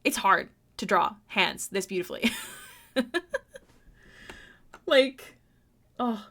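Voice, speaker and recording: A young woman chatting casually with her viewers on a live art stream, self-deprecating and prone to sudden excited exclamations. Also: medium pitch, slow pace, gravelly. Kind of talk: casual live-stream chat while drawing. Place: home room.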